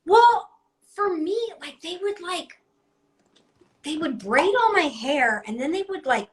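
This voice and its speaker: A woman's voice: extremely high pitch, expressive, slow pace. A woman in her thirties, a guest voice actor, talking in a rambling, self-deprecating way full of "like". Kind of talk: casual interview chat.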